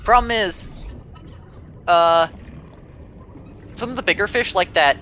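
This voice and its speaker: A man's voice: sits high, slow, a little hiss or hum, low-quality recording. A man giving casual, explanatory gameplay commentary, often restarting his sentences. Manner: explanatory, with restarts and filler words. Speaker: game commentator. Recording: voice over loud game music.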